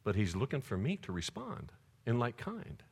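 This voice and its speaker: A man's voice: mid-range voice, moderate pace, vocal fry, husky. Man preaching in a reverberant church. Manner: animated storytelling preacher. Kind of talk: sermon.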